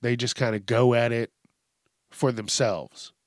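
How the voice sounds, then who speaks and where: Male podcast host, casual cussing commentary, unhurried delivery, mid pitch, dead-dry room sound. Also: steady tone, no room sound. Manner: rambling, profane, frequent fillers. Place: home studio with a mic stand. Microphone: stand microphone.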